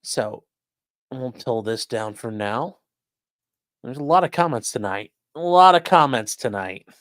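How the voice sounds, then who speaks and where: A man hosts a livestream in a relaxed, conversational way, reading viewer comments aloud and often circling back to repeat himself. His voice sits at a middle pitch, and the sound is dry and close to the mic. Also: measured pace, no echo. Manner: loose and conversational, many fillers, repeats phrases. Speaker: host of a legal commentary livestream.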